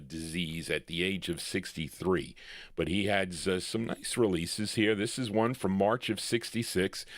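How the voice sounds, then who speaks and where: A man with a fairly low voice hosts a vintage record show, chatting in a loose, folksy way that drifts into side stories. He speaks close to the microphone in a dry, dead-sounding room. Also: dry recording. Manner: rambling, digressive, folksy. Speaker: radio show host. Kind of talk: casual DJ chat between records.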